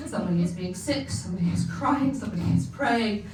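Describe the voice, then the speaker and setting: A woman's voice: mid-range voice, moderate pace, a little mellow. Young woman doing stand-up in an echoey venue. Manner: chatty, self-mocking, laughing often, acting out relatives in bigger voices. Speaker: stand-up comedian. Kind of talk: stand-up comedy set. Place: comedy club stage. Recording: echoey venue from far off, faint hum.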